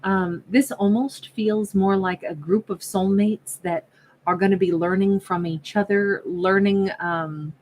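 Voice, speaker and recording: A woman's voice: medium pitch, steady tone, measured pace, darkish tone, a little hiss or hum, rough recording. A woman giving a casual tarot reading, chatty and musing, often stopping and restarting, and acting out imagined conversations. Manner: frequent self-interruptions and restarts. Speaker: tarot card reader.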